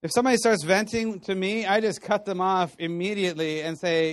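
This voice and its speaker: A man with a fairly high voice preaches in a relaxed, conversational way, telling stories with plenty of animation. The sound is dry and close, with no room echo. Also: a little fast. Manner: conversational, animated storytelling with laughs. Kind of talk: sermon teaching.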